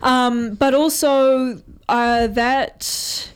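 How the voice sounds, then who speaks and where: A woman's voice: sits high, steady tone, very slow, smooth. A young woman co-hosting a radio show, chatty and giggly. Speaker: radio host. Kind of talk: casual radio chat.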